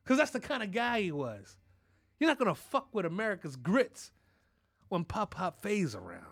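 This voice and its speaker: A man hosting a podcast, telling a crude, animated comic story about his family and peppering it with "you know what I'm saying.". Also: high voice, normal speed, husky, no echo, clean studio sound. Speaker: podcast host.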